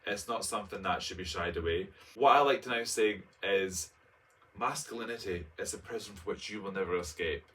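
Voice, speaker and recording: A man's voice: on the low side, brisk, a bit bright, far from the mic, slight background noise. A man, reading his own personal essay aloud and breaking off for camp, playful asides. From Scotland. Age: late 20s. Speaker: vlogger.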